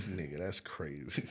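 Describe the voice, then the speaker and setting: A man's voice: very deep voice, a bit bright. A man co-hosting a podcast in casual, profane chat, laughing often. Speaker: podcast co-host.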